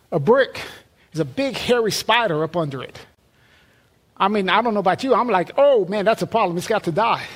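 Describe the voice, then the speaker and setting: A man preaching a sermon in a conversational way, often repeating words and restarting phrases. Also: high-pitched.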